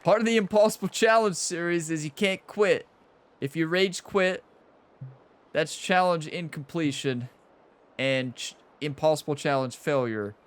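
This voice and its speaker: A young man talks through a round of a golf video game as the host of his own channel. His voice sits a little higher than most men's, and he keeps chatting and laughing while swinging between frustration and excitement. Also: measured pace, smooth. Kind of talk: casual gameplay commentary.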